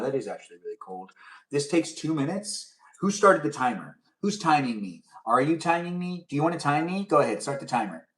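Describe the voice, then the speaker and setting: A young man chats loosely while he cooks on a live stream, wandering from thought to thought and answering viewers aloud. His voice sits at an ordinary middle pitch. It comes through a touch distant, as if the mic sits somewhere across the kitchen. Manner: rambling, chatty, answers viewers' comments aloud. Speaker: live streamer making pudding. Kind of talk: casual live-stream chat while cooking. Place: home kitchen.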